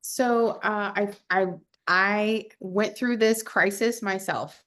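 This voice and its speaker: A young adult woman, a realtor, chatting casually over a video call, animated and full of fillers. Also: mid-range voice, slow. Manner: chatty, animated, acts out quotes with lots of fillers. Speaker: realtor panelist.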